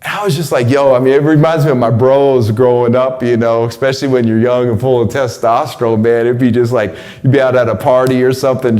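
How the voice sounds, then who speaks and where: A man in his forties giving a casual spoken monologue, slangy and stumbling over repeated words, his voice climbing when he gets excited. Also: medium pitch. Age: 40s. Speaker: host delivering a weekly message.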